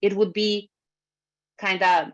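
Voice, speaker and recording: A woman giving a workshop talk over a video call, speaking in a lively way and moving as she talks. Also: medium pitch, slow pace. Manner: lively, moves while speaking. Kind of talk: webinar talk. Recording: slightly muffled video call recording.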